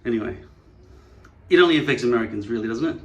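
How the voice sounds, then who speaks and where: A man's voice: medium pitch, expressive, fast, roomy sound, dull audio, slight background noise. A man hosting a vlog, musing and digressing wryly as he works. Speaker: channel host. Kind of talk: rambling vlog monologue.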